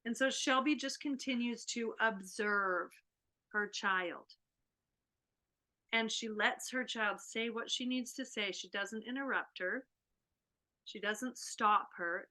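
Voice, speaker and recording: A woman hosting an online workshop, telling a family story in a lively way over a video call. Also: medium pitch, a little slow. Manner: animated, acts out a child's panic. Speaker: workshop host.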